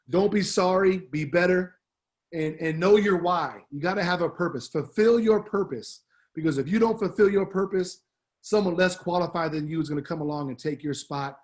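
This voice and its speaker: A man's voice: high voice, normal speed, a little mellow. A middle-aged man, a departing assistant principal, giving an upbeat, heartfelt farewell speech on the school announcements, slangy and full of fillers.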